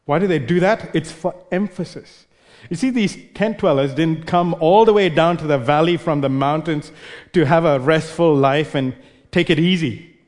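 Man, preacher, explanatory sermon, rhetorical questions, fairly high voice, long hall reverb. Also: normal speed, darkish tone. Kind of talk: expository sermon.

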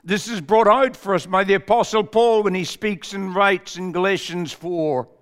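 A man preaching a sermon in a measured, emphatic way, building lists for effect. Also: high-pitched, fairly even intonation, a bit bright, smooth. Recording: long reverb of a large hall.

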